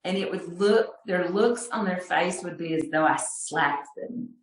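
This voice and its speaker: Slow-telling woman from Texas, echoey call. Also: lowish voice, distant mic. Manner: unhurried, halting, with fillers and soft laughs. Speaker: storyteller. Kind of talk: personal storytelling. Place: home room on a video call. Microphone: video call mic, set back. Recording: roomy echo, voice off-mic.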